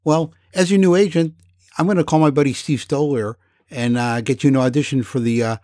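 A man's voice: mid-range voice, fairly even intonation, fairly quick, darkish tone, no echo, studio quality. A man hosting a podcast, speaking in a friendly, plainspoken way in casual chat. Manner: friendly, plainspoken, a few fillers. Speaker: podcast host.

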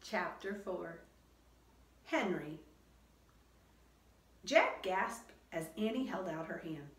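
A woman reading a children's storybook aloud in a slow, expressive storytelling manner. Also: fairly low pitch, slight background noise. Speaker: children's book reader. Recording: roomy echo.

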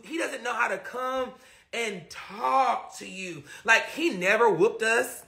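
A man's voice: extremely high pitch, slow pace, creaky. A man telling a story casually to live viewers on a phone, dramatic and full of outbursts. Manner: animated, dramatic retelling with outbursts. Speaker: live-stream host.

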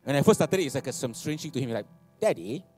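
A man, preaching a sermon, animated and laughing, repeating phrases and asking for amens. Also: medium pitch, racing, soft background music. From Malaysia. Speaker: pastor. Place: church hall.

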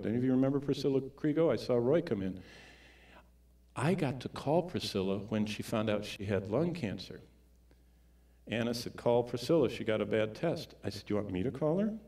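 A male pastor preaching a sermon, moving between loud, emphatic peaks and quiet, low storytelling, and drawing out key words for weight.

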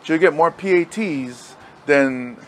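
A man's voice: on the high side, measured pace, a little hiss or hum. A middle-aged man from Hawaii co-hosting a podcast in casual chat, rambling and laughing as he tells coaching stories. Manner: rambling, laughing often, acts out loud exasperated coach lines. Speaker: podcast co-host, high school football coach.

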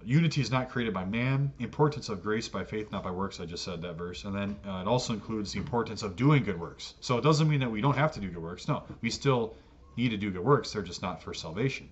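Low-voiced American man teaching a Bible class. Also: lively intonation, brisk. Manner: conversational teaching with fillers and self-corrections. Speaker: adult catechesis teacher. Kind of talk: Bible study lecture. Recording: dull lo-fi audio with faint noise.

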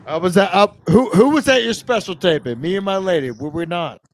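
A drunk podcast host, a man talking in a loud, pushy and repetitive way in casual chat. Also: sits high, expressive, brisk, low-quality recording.

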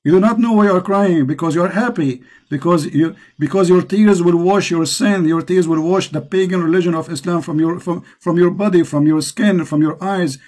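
A man with an Arabic accent preaches to a caller, pressing his points again and again with fervour. His voice sits a little high for a man. He hosts the show and speaks straight to the listener. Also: brisk, few pauses, a little mellow. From Middle East. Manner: impassioned, repetitive preaching. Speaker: host.

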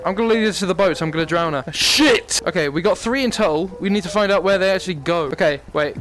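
A man's voice: sits high, fairly quick, few pauses, fairly bright tone, soft background music. A young man giving nervous, jumpy commentary while playing a horror game on a headset mic. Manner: jumpy, nervous, laughs and yelps. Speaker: gaming YouTuber. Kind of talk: let's-play commentary.

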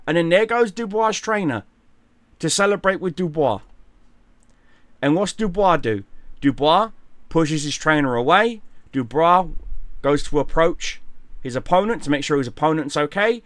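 A man giving mocking, profane commentary on a fight, scornful and animated. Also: fairly high pitch, moderate pace, pauses often, no echo. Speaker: gaming and boxing commentator.

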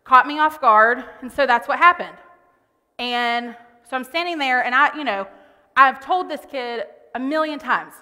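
A woman speaks from a church stage, telling a story from home in a loose, conversational way. Her voice sits a little high and sounds bright. The big room gives it a long reverb tail. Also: unhurried. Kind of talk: sermon. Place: church auditorium.

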